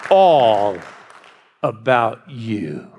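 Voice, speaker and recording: A man's voice: mid-range voice, big pitch swings, drawn-out words, darkish tone, dull audio, some chatter behind, a little hiss or hum. A male pastor preaching a sermon and leading the congregation in prayer they repeat after him.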